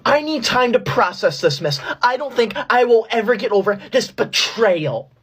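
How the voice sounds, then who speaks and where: A woman's voice: fairly high pitch, lively intonation, normal speed, a bit bright, a little hiss or hum. A woman playing a snooty tattletale schoolgirl. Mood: dramatic. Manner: whiny, overdramatic, tattling. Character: snooty tattletale schoolgirl, self-righteous know-it-all. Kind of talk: comedy skit acting.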